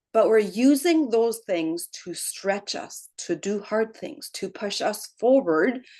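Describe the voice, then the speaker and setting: A woman's voice: medium pitch, darkish tone. Upbeat woman leading a team call. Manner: encouraging, frequent "right?" tags, laughs easily. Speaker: team leader.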